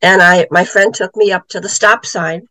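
A woman's voice: lowish voice, fairly even intonation, normal speed, sharp tone, dry recording, low-quality recording. A middle-aged woman, an author and psychic medium, telling a story in a casual interview and acting out the voices she quotes.

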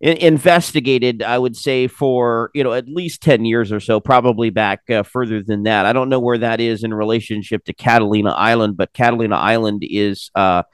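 A man being interviewed, explaining at length in a measured way with frequent filler pauses and a dry sense of humor. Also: mid-range voice, steady tone, clean tone, no room sound. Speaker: interview guest, researcher of unexplained phenomena. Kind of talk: casual interview chat.

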